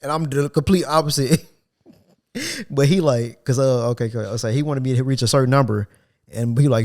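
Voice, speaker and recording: A man's voice: medium pitch, brisk. A man on a casual podcast, telling a work story in slang and acting out the people he quotes. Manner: animated storytelling, acts out quotes with a raised voice. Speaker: podcast co-host. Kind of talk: casual chat.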